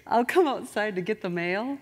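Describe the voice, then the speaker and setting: Animated woman giving a motivational talk. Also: mid-range voice, moderate pace. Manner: animated, straight-talking. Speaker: speaker.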